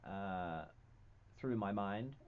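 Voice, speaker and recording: Deadpan New Zealand man, lively low voice. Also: very slow, clean tone. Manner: deadpan, dryly joking, hesitant with ums. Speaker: guest. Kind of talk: casual radio interview chat. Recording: slightly muffled broadcast audio.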